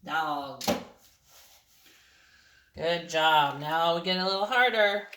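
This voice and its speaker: A woman's voice: low-pitched, slow, a bit bright, reverberant, a little hiss or hum. A woman teaching a young child to spell simple words, patient and encouraging, sounding out letters one by one.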